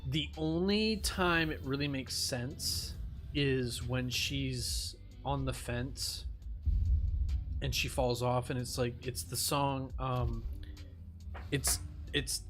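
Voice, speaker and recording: A man's voice: medium pitch, takes it slowly, soft background music. A man streaming and ranting casually, swearing and laughing often as he talks. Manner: profane, animated, laughing often. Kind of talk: casual rant while gaming.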